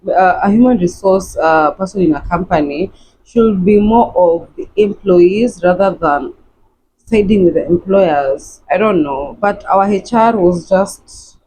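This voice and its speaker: A woman's voice: on the low side, a little slow, a little mellow, slight background noise, low-quality recording. A young woman in her twenties from Kenya, chatting casually to her viewers in a rambling, repetitive way while getting ready at home. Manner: chatty, rambling, repeats herself, talks to viewers as friends. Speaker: vlogger.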